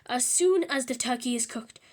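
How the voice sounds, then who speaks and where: A woman voicing a flustered, harried father in a storybook, exasperated and loud. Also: high-pitched, lively intonation, moderate pace. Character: flustered put-upon father cooking lunch.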